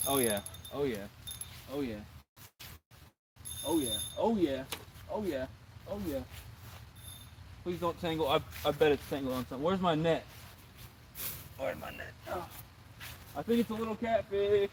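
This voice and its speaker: Young male fishing streamer, slightly high voice, casual and exasperated, faint outdoor ambience. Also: lively intonation, unhurried, long pauses, a little mellow, a little hiss or hum. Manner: exasperated, repeats himself, talks to chat. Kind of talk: casual live-stream chat. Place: outdoors by water.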